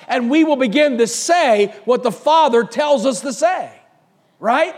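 A man's voice: extremely high pitch, expressive, a little slow, a little mellow. A man preaching a sermon, quoting scripture aloud and often restarting and repeating his words.

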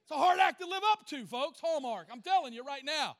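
A pastor preaches in a folksy, animated way, teasing the congregation with everyday stories before turning serious. His voice sits unusually high for a man and rings bright and forceful. The sound is close and dry, with no room echo. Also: a little fast. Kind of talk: sermon.

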